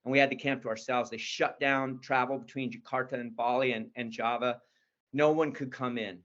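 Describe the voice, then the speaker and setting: A man's voice: medium pitch, fairly even intonation, brisk, a bit bright, dull audio. A man in his sixties, an interview guest telling stories in an enthusiastic, rambling way. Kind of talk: casual storytelling.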